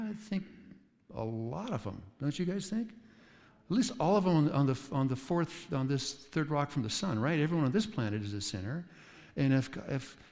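A man from the Coast, a pastor preaching a sermon in a relaxed, conversational way with asides to his listeners. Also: mid-range voice. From West Coast of the United States. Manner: conversational storytelling with asides to the audience. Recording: reverberant hall.

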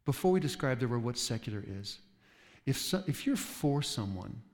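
A man's voice: mid-range voice, big pitch swings, normal speed. Pastor, man, west coast voice, talky storytelling sermon, reverberant hall. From West Coast of the United States. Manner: conversational storytelling with asides to the audience.

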